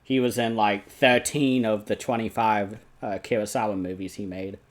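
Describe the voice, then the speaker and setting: A man's voice: lowish voice, moderate pace. A man hosting a casual film discussion, animatedly retelling scenes with frequent laughs and lots of "like". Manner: animated retelling, laughs often, many "like" fillers. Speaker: podcast host.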